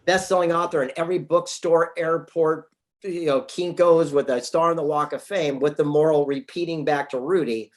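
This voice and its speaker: A man in his fifties from California, a guest telling lively stories and acting out quoted lines. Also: fairly high pitch, moderate pace. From San Diego, California. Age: 50s. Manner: animated, acts out quoted dialogue. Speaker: podcast guest, author. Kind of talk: casual storytelling interview.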